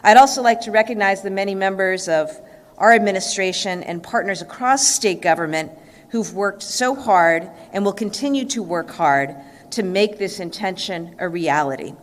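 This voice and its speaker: A woman governor giving a formal press conference speech in a composed, steady way. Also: medium pitch. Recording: long echo in a large hall.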